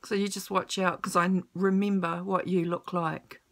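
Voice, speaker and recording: A woman's voice: lowish voice, flat delivery, moderate pace. A woman telling a personal story on camera, emotional and blunt, swearing freely.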